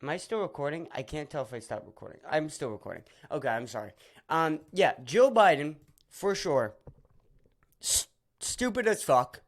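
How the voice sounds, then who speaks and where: A man's voice: a little high, lively intonation, moderate pace. A man hosting a solo podcast, ranting in a profane, rambling, sarcastic way with many restarts. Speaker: podcast host.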